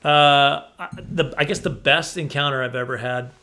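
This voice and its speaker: A man's voice: medium pitch, steady tone, normal speed, pushed and bright. A man in his forties telling a rambling, self-correcting story to camera, laughing often. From Canada. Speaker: comedian vlogger.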